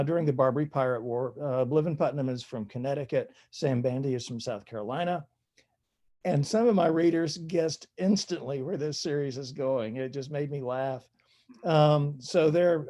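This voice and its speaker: An older man with a dark, mellow voice, telling stories as a guest on an interview podcast. He talks in a loose, chatty way, pokes fun at himself and laughs at his own anecdotes. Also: medium pitch. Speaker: author guest. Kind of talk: relaxed storytelling interview.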